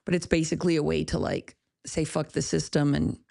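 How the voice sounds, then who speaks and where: A woman's voice: low-pitched, flat delivery, fairly quick, vocal fry, dark tone, dry recording, clean studio sound. A woman hosting a podcast, ranting bluntly and casually, with profanity and laughs at her own jokes. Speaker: podcast host.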